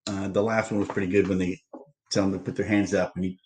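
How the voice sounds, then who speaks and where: A man co-hosting a casual movie chat, talking quickly and eagerly, stumbling over repeated words as he starts a point. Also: low-pitched, level tone, roomy sound, background noise. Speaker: podcast co-host.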